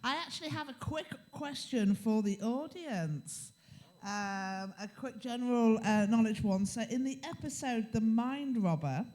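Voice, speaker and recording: A woman's voice: a little high, darkish tone. A woman in the audience asking a question, hesitant and full of ums. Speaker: audience member with microphone. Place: convention hall audience.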